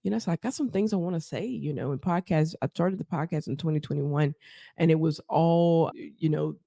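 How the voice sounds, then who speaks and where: A woman, a therapist, telling her story as a podcast guest, animated and laughing often as she acts out quotes. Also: deep voice, a little fast, gravelly, no echo, clean studio sound. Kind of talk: casual storytelling interview.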